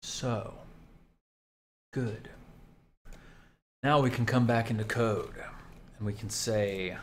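A man streaming himself making a game, thinking aloud slowly as he writes code and reads out chat messages. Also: on the low side. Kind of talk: casual live-stream talk while coding. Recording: faint background noise, keyboard typing.

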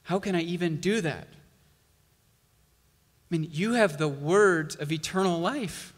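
Guy pastor preaching slow and emphatic, voice a little high, echoing hall. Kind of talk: sermon.

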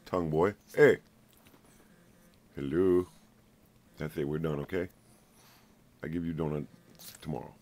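A man's voice: extremely low pitch, steady tone, measured pace, pauses often, a little mellow, no room sound. A man at home filming his pet on his lap, teasing, coaxing and playfully scolding it. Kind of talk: casual home video talking to a pet.

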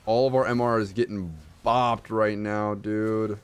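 A young man streaming live gameplay commentary, excitable, swinging from low mutters to shouts. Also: moderate pace, hardly any pauses, clear, resonant tone.

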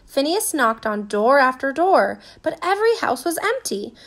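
A woman reading a children's storybook aloud with expressive, animated narration. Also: high voice, normal speed.

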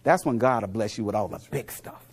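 Middle-aged guy doing a motivational talk, preachy, keeps quizzing the crowd, goes quiet then loud. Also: expressive, a little fast. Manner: preachy storyteller, asks the crowd questions, swings from low murmurs to loud punchlines. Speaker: motivational speaker. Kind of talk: motivational speech to a live audience.

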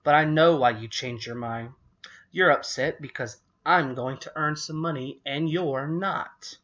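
A man's voice: fairly high pitch, unhurried, a bit bright, highs cut off, pitched above the performer's own voice. Man reading as a whiny, possessive young girl. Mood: protesting. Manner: whining, protesting. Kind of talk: storybook reading.

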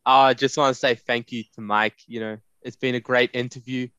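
A man with an Australian accent co-hosting a podcast in casual chat, halting and filling with "like". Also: mid-range voice, level tone, fairly bright tone, clean tone, no echo. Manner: halting, fills with "like". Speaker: podcast co-host.

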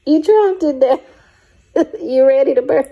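A woman's voice: sits high, animated, a little slow, creaky, dark tone, highs cut off. A woman vlogging at home, playful and laughing as she talks to her baby. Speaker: family vlogger. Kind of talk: casual home vlog.

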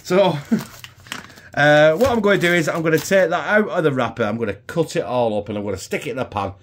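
A man's voice: on the high side, lively intonation, fairly quick, a little hiss or hum. Chatty man hosting a cooking video. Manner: chatty, rambling, self-deprecating. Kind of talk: casual home cooking chat.

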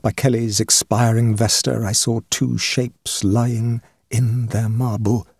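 A man reading a ghost story aloud in measured, dramatic scripted narration. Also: mid-range voice, little pitch movement, creaky, darkish tone, no room sound, studio quality. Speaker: audiobook reader.

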